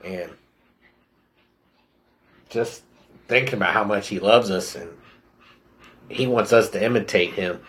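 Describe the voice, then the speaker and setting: A man's voice: fairly low pitch, a bit bright. Earnest man on a faith podcast. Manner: earnest, pauses to gather himself. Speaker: podcast co-host. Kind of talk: casual faith chat and scripture reading.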